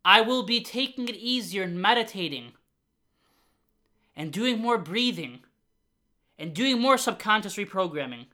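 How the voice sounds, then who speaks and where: A man with a high, bright voice hosts a motivational podcast, speaking earnestly and animatedly while building himself up with repeated phrases. He's unhurried and pauses often, though at times he gets loud and fired up.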